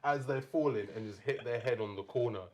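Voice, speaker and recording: A man's voice: mid-range voice, a little fast. A man co-hosting a casual chat podcast, telling party stories with lots of laughter. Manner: animated storyteller, laughs a lot. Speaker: podcast co-host.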